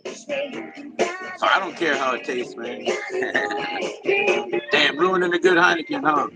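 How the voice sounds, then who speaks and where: A man's voice: fairly high pitch, wildly swooping pitch, slow, long pauses, low-quality recording. A man hosting a live stream, chatting casually with viewers in a laid-back, slangy and profane way. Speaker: livestream host. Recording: music playing in the background.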